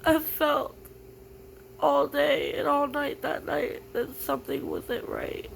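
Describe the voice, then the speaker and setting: Slow, gravelly, tearful young woman. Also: high voice, wildly swooping pitch, slight background noise, rough recording. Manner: halting, full of "like" fillers, grieving. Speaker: vlogger. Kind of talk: personal confessional vlog.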